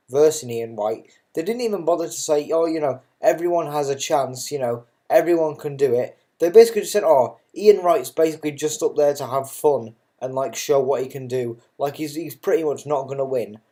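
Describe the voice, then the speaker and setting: A man's voice: on the high side, normal speed, hardly any pauses, dark tone. A man giving casual, unscripted darts commentary, chatty and self-mocking, who swears freely and drifts into ranting asides.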